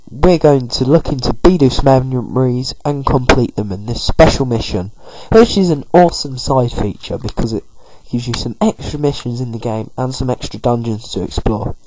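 A man's voice: medium pitch, a little mellow, slight background noise, rough recording. A man giving a chatty, rambling walkthrough of a video game as its commentator.

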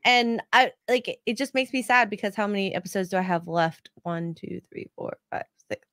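A woman's voice: mid-range voice, moderate pace, a bit bright, no room sound, clean studio sound. A woman producer chatting casually and upbeat on a live stream. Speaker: show producer.

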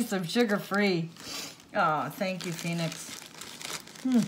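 A woman's voice: fairly low pitch, takes it slowly, pauses often, slight background noise. An older woman hosting a crafts vlog, gushing and exclaiming as she opens gifts on camera. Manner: gushing, exclaiming, easily moved. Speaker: crafts channel host. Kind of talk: casual unboxing vlog.

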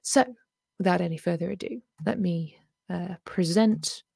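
A woman's voice: on the low side, measured pace, gravelly, a little mellow, slightly rough, no echo, clean studio sound. A woman hosting a casual livestream, chatty and full of fillers as she talks to her viewers. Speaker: livestream host.

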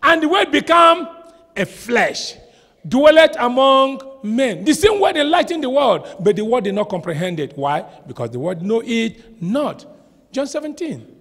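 A man preaching a sermon as a pastor, shouting some lines and slowing hard on others. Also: very high-pitched, very animated. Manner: preaching with sudden shouts and dramatic slow stretches. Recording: long hall reverb.

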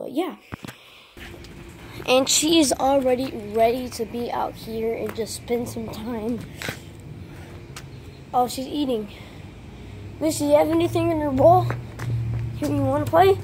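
A woman's voice: mid-range voice, darkish tone, slight background noise. A woman vlogging on a handheld phone outdoors in a backyard, chatty and rambling as she talks to her dog. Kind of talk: casual vlog talk.

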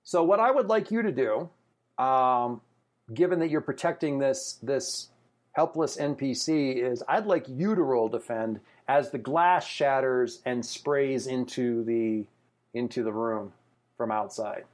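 A man running a tabletop game as game master, animated and thinking aloud with many fillers. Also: medium pitch, unhurried.

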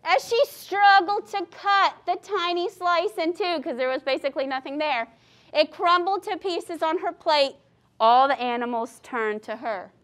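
Woman, teacher, high voice, storybook read-aloud, lively, quizzing the class. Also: unhurried. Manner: lively, asks the class questions. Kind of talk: reading a picture book aloud to children.

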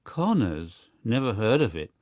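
A gruff, blunt park policeman, put on by a man reading aloud. The voice sits low and is recorded dry. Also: big pitch swings, a little slow, a little mellow, dry recording.

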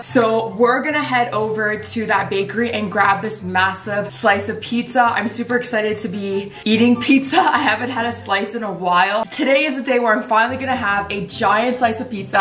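A bubbly, giggly woman in her twenties chatting excitedly in a casual vlog, filming herself inside a bakery on a handheld camera. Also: medium pitch, roomy sound. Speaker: vlogger. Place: bakery, indoors. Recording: loud background music and crowd.

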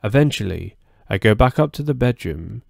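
Gravelly man telling horror stories. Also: on the low side, lively intonation, moderate pace, a little mellow, no echo, studio quality. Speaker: horror story narrator. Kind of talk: first-person horror story narration.

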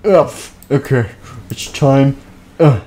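A man's voice: mid-range voice, slow, dark tone, a little hiss or hum, natural voice. Man doing a clumsy thief, bumbling, gloating, greedy. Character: clumsy, greedy male burglar.

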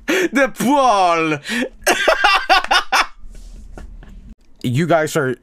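Excitable, profane male streamer. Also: mid-range voice, normal speed, a little hiss or hum. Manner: excitable, profane, laughs often. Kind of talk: casual live stream chat.

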